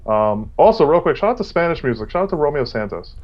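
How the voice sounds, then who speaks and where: A man's voice: on the high side, sing-song. Man, casual podcast chat, enthusiastic, slightly muffled recording, faint hiss. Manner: enthusiastic, quick interjections. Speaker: podcast co-host.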